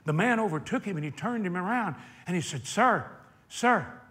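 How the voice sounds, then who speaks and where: High-voiced impassioned male preacher. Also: expressive. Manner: impassioned storytelling, slowing for emphasis. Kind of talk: sermon. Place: hot indoor meeting hall.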